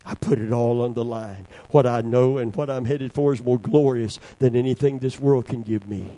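An older man preaching a sermon, swinging from shouted lines to hushed, quiet passages. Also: medium pitch, normal speed, hardly any pauses, no room sound, rough recording.

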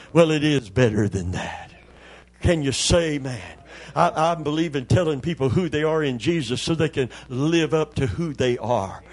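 A man's voice: a little high, husky. An older man, a pastor preaching a Pentecostal sermon in a church, joking in a folksy way and calling on the congregation for amens.

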